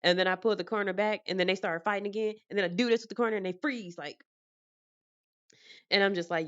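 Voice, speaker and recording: A woman vlogger chatting casually to camera from her apartment, telling animated stories and laughing often. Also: medium pitch, fast talker, lo-fi sound.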